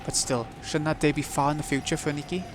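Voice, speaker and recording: A man's voice: on the high side, steady tone, fast, noisy background, close to an everyday voice. A man reading a visual novel aloud, voicing a grieving, hot-headed young man who makes bitter, defiant outbursts.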